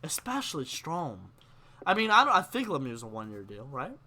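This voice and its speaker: Young male live-stream host, excitable and opinionated, bright tense tone. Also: fairly high pitch, normal speed. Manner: animated, gets worked up, reads chat questions aloud. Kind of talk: casual live-stream hockey chat.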